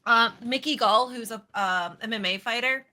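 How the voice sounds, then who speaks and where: A woman's voice: on the high side, normal speed, sharp tone. A woman co-hosting a casual podcast chat, telling loose, profane anecdotes.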